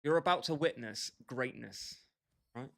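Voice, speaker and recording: Chatting with his livestream viewers, a young British man banters with them by name and laughs a lot. He's a streamer with a British English accent, and his medium-pitched voice is creaky and measured in pace.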